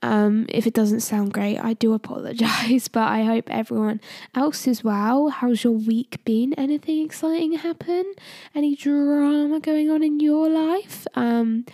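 A woman's voice: on the high side, steady tone, measured pace, mellow, dry recording, clean studio sound. A British woman in her twenties hosting a casual solo podcast, chatty and rambling, her voice nasal and stuffed up from being ill. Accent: British English. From Britain. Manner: chatty and rambling, many "like" and "um" fillers. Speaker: podcast host.

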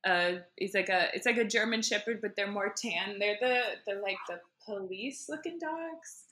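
A woman's voice: mid-range voice, normal speed, bright, forceful tone, a little hiss or hum. A woman in her thirties chatting as a podcast guest, rambling and giggly with many fillers. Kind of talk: casual chat.

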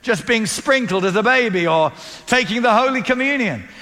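A man's voice: very high voice, expressive, normal speed, sharp tone, long reverb tail. A man preaching a sermon, telling a story with animation and acting out the dialogue.

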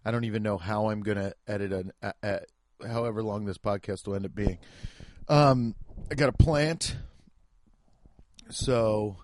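A man's voice: fairly low pitch, unhurried, pauses often, a little mellow, no echo. A man who is a stand-up comedian, chatting casually and self-deprecatingly on his podcast from home. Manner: rambling, jokey, self-deprecating.

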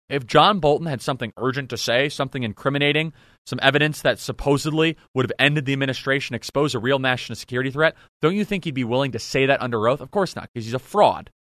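A man's voice: mid-range voice, quick pace, a bit bright, no room sound, clean studio sound. A man hosting a political commentary show, delivering an indignant, sarcastic monologue full of rhetorical questions.

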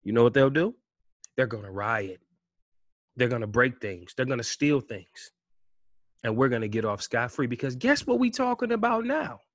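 Man, vlog rant, mid-pitched, heated rhetorical delivery, close dry mic. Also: sing-song, normal speed, dry recording. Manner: heated, rhetorical questions, swings between loud outbursts and low mutters. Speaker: vlogger. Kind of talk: impassioned commentary rant.

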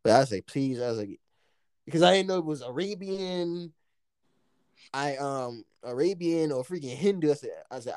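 Animated, profane young American man. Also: a little high, moderate pace, smooth, no room sound, studio quality. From United States. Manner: animated, profane storytelling with frequent laughter. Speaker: storyteller. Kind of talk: casual chat.

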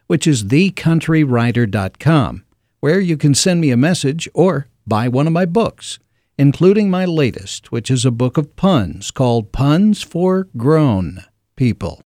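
A man's voice: medium pitch, sing-song, slow pace, darkish tone, no room sound. A middle-aged man, a podcast host and writer delivering a scripted, wryly humorous monologue in a dry storytelling manner. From Arkansas, US South.

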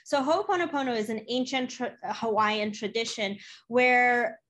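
A woman's voice: fairly high pitch, measured pace, a bit bright. A woman coach as an interview guest, talking earnestly and chattily with many fillers. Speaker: life coach, podcast guest. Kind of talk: casual interview talk.

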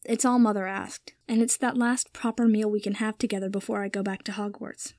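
A woman voicing a proud, upset young wizard man who answers in quick, clipped lines, in a storybook reading. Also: mid-range voice, level tone, darkish tone, no room sound, clean studio sound, natural voice. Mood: earnest.

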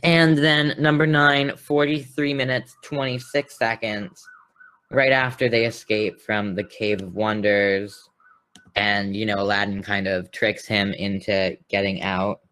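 A man's voice: lowish voice, little pitch movement, unhurried, fairly bright tone, clear, resonant tone. A man co-hosting a podcast, chatting casually and rambling with lots of fillers. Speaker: podcast co-host. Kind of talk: casual chat.

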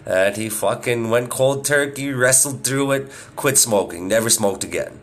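A man in his thirties hosts a podcast, rambling casually in a monologue full of constant swearing and laughing at his own stories. His voice is mid-range at a normal speed.

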